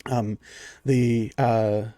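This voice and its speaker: A man's voice: medium pitch, little pitch movement, drawn-out words, warm tone, no echo, clean studio sound. A man narrating as game master in a tabletop role-playing game, rambling with many fillers.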